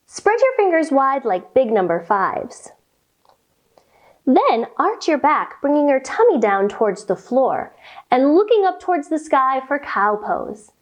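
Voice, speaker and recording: Woman kids'-yoga teacher, high and very lively, slow and sing-song, playful with animal sounds. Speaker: children's yoga instructor. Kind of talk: kids' yoga and story warm-up lesson.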